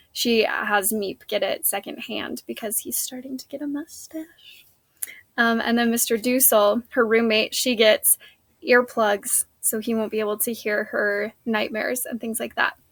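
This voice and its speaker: A woman's voice: on the high side, a bit bright, dry recording. A woman teacher, recapping a play scene for her students in a casual, chatty way with many fillers.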